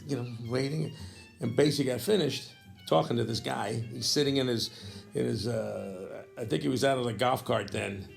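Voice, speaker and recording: A man in his fifties with a gravelly, middle-pitched voice recounts a backstage memory. He rambles, restarts and clears his throat, sounding animated and casual. Faint guitar plays underneath. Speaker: jazz saxophonist recounting a memory. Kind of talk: casual spoken storytelling.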